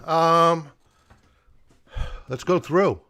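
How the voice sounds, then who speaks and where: A man's voice: on the high side, very slow, sharp tone. A middle-aged man hosts a live stock market stream. He is a bit out of breath, greets viewers by name and talks through market news in a casual way.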